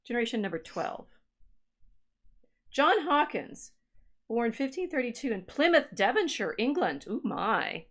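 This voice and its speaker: A woman's voice: on the high side, big pitch swings, measured pace, long pauses. A woman historian co-hosting a casual livestream chat, musing aloud as she reads through family records. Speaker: podcast co-host and historian.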